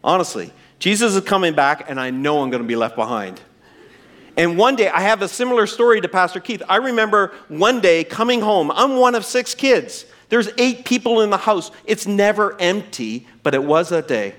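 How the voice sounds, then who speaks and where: A man's voice: sits high, expressive, moderate pace, fairly bright tone. A middle-aged man preaching a sermon in church, telling a personal story in an earnest way and closing in prayer. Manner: earnest, storytelling, addresses listeners as friends. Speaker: pastor.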